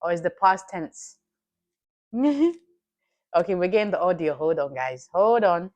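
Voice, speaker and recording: A woman's voice: fairly low pitch, expressive, measured pace, a little mellow, dull audio. A woman hosting a live trading stream, chatting casually with her chat, teasing and laughing often.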